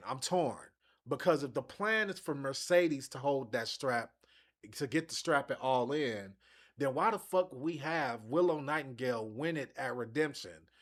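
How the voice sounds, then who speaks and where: A man hosting his own wrestling show, ranting bluntly and casually with lots of swearing. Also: mid-range voice. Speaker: wrestling commentary host. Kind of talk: casual opinion vlog.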